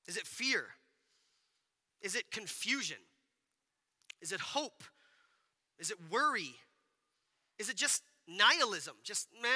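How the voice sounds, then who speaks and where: Bright high-voiced pastor in an echoing hall. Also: male voice. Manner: conversational, asks the congregation questions, acts out quotes. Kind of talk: sermon. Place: church hall with congregation. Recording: long hall reverb.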